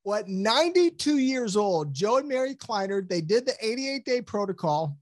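High-voiced, fervent man preaching health. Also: very animated, normal speed. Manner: enthusiastic, preacherly, laughs often. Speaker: health program guest. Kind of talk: podcast interview, testimony and preaching.

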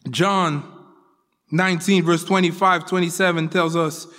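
A man with a notably high voice delivers a sermon in a long, ringing hall reverb. He speaks earnestly and circles back to his key phrases to drive them home. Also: fairly even intonation, unhurried, a bit bright. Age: adult father of four children. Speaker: pastor.

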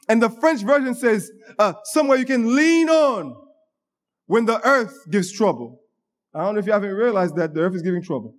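High-voiced emphatic preacher. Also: male voice, lively intonation, fairly quick. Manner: emphatic, with repeated restarts and stammers. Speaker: pastor. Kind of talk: sermon.

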